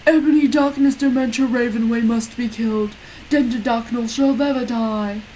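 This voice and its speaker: Brief: woman voicing cruel sneering male wizard teacher, slightly high, faint hiss behind. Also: steady tone, normal speed, dark tone, natural voice, low-quality recording. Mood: menacing.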